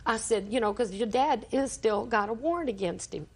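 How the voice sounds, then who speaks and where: A woman's voice: a little high, a little fast. Older grandmother rambling through testimony. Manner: rambling storytelling, acting out quoted dialogue. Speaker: litigant, grandmother. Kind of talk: courtroom testimony. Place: TV courtroom.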